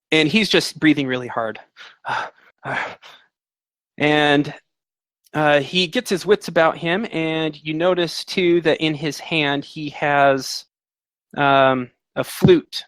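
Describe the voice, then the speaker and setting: A man narrating a fantasy tabletop game as game master, his voice a bit higher than most men's. He rambles with fillers and restarts, recorded close and dry. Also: fairly bright tone, dry recording.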